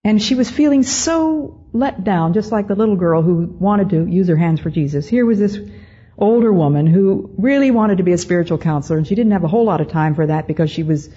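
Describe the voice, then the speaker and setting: An older woman giving a storytelling talk to an audience, her voice low, mellow and very husky. She speaks in a measured, deliberate way, pausing often. The recording sounds dull and lo-fi. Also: animated. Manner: measured, deliberate, with frequent pauses.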